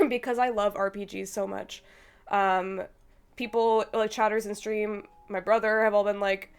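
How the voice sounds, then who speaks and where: A young woman streamer chats casually with her brother, sounding feverish as she rambles and hesitates, filling her speech with "like" and "um" and laughing often. Her voice is smooth and medium-pitched, and she speaks a little slowly.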